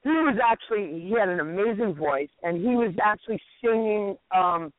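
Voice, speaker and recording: A man's voice: sits high, normal speed, no room sound. A man co-hosting a radio talk show, telling stories animatedly, swearing and acting out other people's lines. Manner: animated, profane, acts out quotes. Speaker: radio co-host. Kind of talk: casual storytelling chat. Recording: tinny phone-like radio audio.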